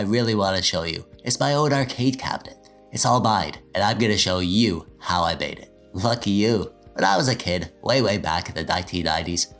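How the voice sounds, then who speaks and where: Nasal, self-mocking man in his thirties. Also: low voice. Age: 30s. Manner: sarcastic, self-deprecating and excitable. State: stuffy, getting over an illness. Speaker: DIY tech vlogger. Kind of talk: casual self-mocking vlog talk.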